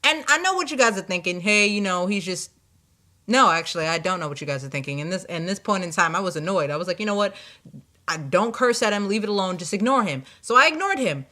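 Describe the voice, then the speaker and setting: Bright-voiced young woman telling a story. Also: mid-range voice, fast talker. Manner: animated, exasperated storytelling with quoted asides. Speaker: vlogger. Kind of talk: casual storytelling.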